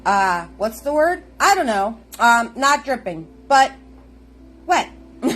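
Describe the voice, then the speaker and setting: A woman's voice: a little high, big pitch swings, slow, fairly bright tone. A woman hosting a live-streamed painting class, chatty and bubbly, greeting viewers by name. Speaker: paint party host.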